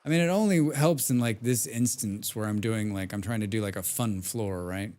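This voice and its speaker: A man whose voice is fairly low and darkish speaks a bit quickly during live gaming commentary. Rambling and relaxed, he reads the chat out loud and hums tunelessly to himself while he plays.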